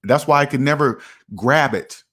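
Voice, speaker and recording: A middle-aged man talks straight to his viewers about money in a loose, casual monologue. He hammers on his points and repeats them, now and then slipping into little made-up street dialogues. His voice sits at an ordinary pitch for a man. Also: normal speed, a bit bright. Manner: repetitive, emphatic, acts out imagined street conversations. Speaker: personal finance video host.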